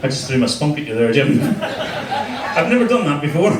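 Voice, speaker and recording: Northern Irish comedian in a roomy club. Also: male voice, fairly high pitch, big pitch swings, moderate pace. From Northern Ireland. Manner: crude, crowd-teasing banter. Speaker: stand-up comedian. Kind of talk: live stand-up comedy. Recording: roomy live venue, mic at a distance, crowd laughter. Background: audience laughing.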